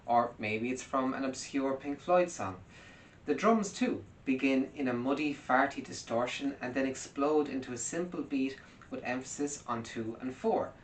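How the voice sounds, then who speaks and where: A man giving a wry, analytical music commentary as scripted narration. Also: a bit bright. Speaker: music video essayist. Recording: roomy, distant mic with faint rumble.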